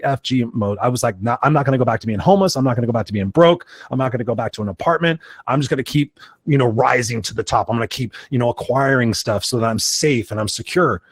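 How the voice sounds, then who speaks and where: A man in his fifties telling his life story as a guest in an interview, animated, acting out other people's lines and swearing casually. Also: mid-range voice, no echo, studio quality. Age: 50s. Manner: fast, animated storytelling, acts out voices of others.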